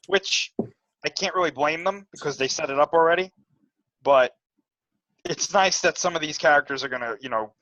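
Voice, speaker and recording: A man co-hosting a casual podcast, talking things through in a measured way with frequent fillers and reading from an article. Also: a little high, pushed and bright, no echo, lo-fi sound. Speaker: podcast co-host. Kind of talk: casual chat.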